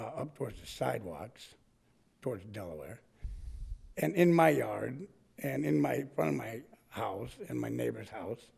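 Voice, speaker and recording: A man's voice: mid-range voice, vocal fry, dark tone, slightly rough. A man with a strained voice, giving a blunt, indignant public comment at a council meeting and repeating points for emphasis. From United States.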